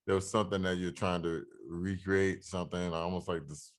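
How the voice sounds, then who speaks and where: Low-voiced man hosting an interview. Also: fairly even intonation. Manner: soft-spoken, brief reactions and halting questions. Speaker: interview host. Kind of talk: casual interview chat.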